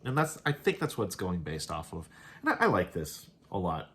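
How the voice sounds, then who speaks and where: This man's pitch sits low but swoops wildly, and his brisk voice is a bit bright. As a show host, he reviews an episode casually, rambling and laughing while offhandedly paraphrasing the characters' lines.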